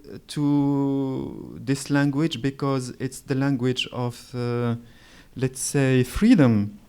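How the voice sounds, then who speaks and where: This author, a Moroccan man in his forties and native Moroccan Arabic speaker, tells reflective stories at a literary event. His delivery is slow, with frequent pauses and restarts as he searches for words. His medium-pitched voice is clean and darkish, with little pitch movement.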